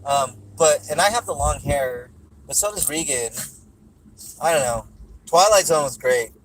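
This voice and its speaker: Male streamer, casual and jokey, somewhat high voice, reads chat comments aloud. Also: animated, measured pace, a little hiss or hum, poor audio. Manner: talks while chewing gum. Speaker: livestream host.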